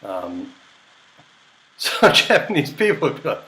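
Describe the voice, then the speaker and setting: A man's voice: medium pitch, wildly swooping pitch, extremely slow, pauses often, sharp tone, slight background noise. Rambling, laughing man in an echoey room. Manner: rambling, joking, laughs often. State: tired, late at night. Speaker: chess commentator. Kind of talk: casual solo video commentary.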